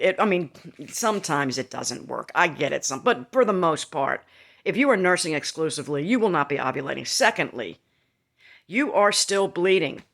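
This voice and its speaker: A woman's voice: low-pitched, fairly bright tone. Candid rambling woman in her fifties. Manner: candid, rambling, laughing asides. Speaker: vlogger. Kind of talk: casual storytelling to camera.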